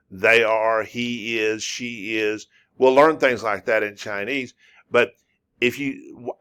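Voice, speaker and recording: A man teaching a spoken lesson in a halting, casual way, with many fillers and restarts, drawing out sounds to demonstrate them. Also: medium pitch, a bit bright, smooth. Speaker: language teacher.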